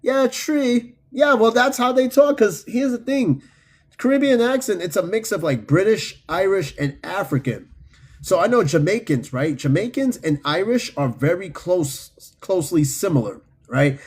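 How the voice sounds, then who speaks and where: A man hosting a podcast, chatting casually and reading out listener comments in a loose, profane, animated way. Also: sits high, normal speed, breathy edge. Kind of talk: casual unscripted chat.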